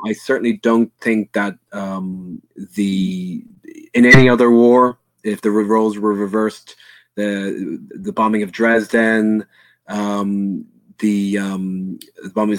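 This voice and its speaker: A man's voice: fairly low pitch, no room sound. A man with an Irish accent talking through history in a casual podcast chat, earnest and blunt, full of fillers and restarts.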